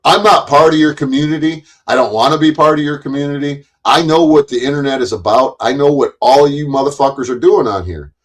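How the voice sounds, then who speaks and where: In a rough recording, a middle-aged YouTube commentator rants angrily to the camera in a fairly high voice, talking a little fast with hardly any pauses. He is confrontational, taunting his targets, swearing heavily and stammering over repeated words when he restarts.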